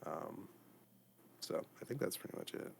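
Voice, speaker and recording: A man co-hosting a podcast in relaxed, casual chat, full of fillers. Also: moderate pace, slight background noise. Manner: laid-back, many fillers. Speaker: podcast co-host.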